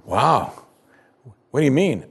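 A man preaching a sermon, asking the listeners one question after another and dropping his voice low and soft at key points. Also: big pitch swings, slow, vocal fry, slightly rough. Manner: emphatic preaching with rhetorical questions and sudden drops to quiet. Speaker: pastor.

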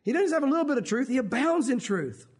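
A man preaches with a high, somewhat husky voice. He keeps it conversational and animated, slipping into little acted-out quotes as he goes. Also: fast. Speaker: pastor. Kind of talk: sermon.

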